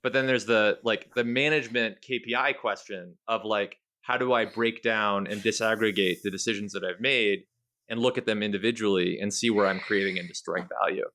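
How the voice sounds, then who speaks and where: A man's voice: lowish voice, fairly even intonation, fairly quick, pushed and bright. A man co-hosting a podcast in a casual, rambling way, full of hedges and fillers. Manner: rambling, hedging, heavy use of "like" and "you know". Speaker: podcast co-host. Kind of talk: casual chat.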